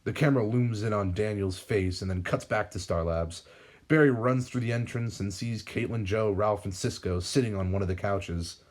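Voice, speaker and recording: Brief: young male fan narrator, low voice, steady storytelling read. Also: moderate pace. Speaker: fan writer and reader. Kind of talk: reading a fan-written episode script aloud.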